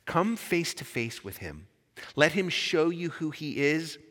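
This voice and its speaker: Impassioned preacher in a reverberant hall. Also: male voice, fairly high pitch, big pitch swings, a little slow, a bit bright. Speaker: pastor. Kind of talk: sermon. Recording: long reverb in a large hall.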